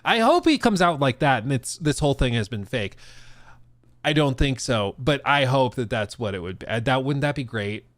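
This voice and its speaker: A man's voice: mid-range voice, moderate pace, dry recording. A man streaming live, reacting to clips with incredulous, laughing, casual commentary. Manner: animated and incredulous, laughs often, says "dude".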